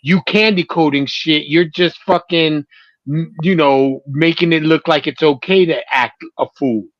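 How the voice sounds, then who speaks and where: A man with a fairly high voice speaks bluntly on a sports podcast. He restarts his sentences often, and his voice comes through a dull, lo-fi remote line. The sound is dry, with no room at all. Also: measured pace, dry recording. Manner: blunt, plainspoken, stumbling restarts. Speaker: podcast co-host. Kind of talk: casual sports podcast chat.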